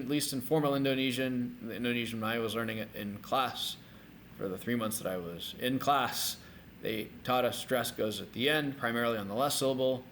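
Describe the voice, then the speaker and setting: Middle-aged guy teaching a language, upbeat, says each word slow for you to repeat, bit of faint noise behind. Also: mid-range voice. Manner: energetic, repeats words slowly for learners. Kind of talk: recorded video lesson.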